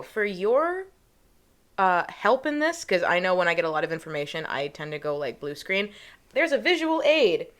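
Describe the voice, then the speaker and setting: A woman's voice: lowish voice, fairly bright tone. A woman co-hosting a casual history podcast, bubbly and slangy, swearing casually as she explains. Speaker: podcast co-host.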